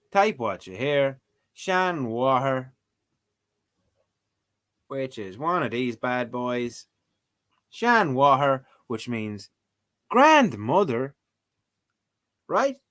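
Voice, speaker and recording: Animated Irish man joking over an app. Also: mid-range voice, very slow, long pauses. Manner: animated, joking, mock-outraged. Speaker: streamer playing a language app. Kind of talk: casual comedic commentary.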